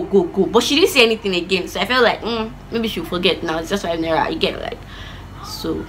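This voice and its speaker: Bright-voiced woman telling a story. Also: medium pitch, slight background noise, low-quality recording. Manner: animated, chatty storytelling with asides. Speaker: vlogger. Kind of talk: storytime vlog.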